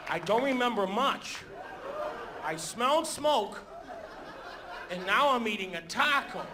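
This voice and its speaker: A male stand-up comedian telling animated stories on a theater stage, breaking into sudden shouts. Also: high voice, takes it slowly, long pauses, a crowd in the background, background noise. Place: theater stage before a live audience.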